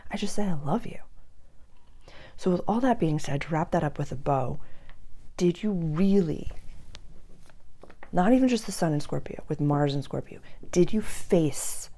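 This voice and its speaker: A woman's voice: sits low, lively intonation, normal speed, dark tone. A woman giving an earnest spiritual astrology talk to her listeners. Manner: earnest, drops to a whisper for emphasis.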